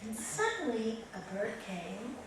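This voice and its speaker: A woman yoga teacher giving a spiritual talk, telling stories lively and acting out the characters. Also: on the high side, measured pace, background noise. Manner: lively storyteller acting out the voices. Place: indoor meeting room of a spiritual group. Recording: echoey room, far from mic.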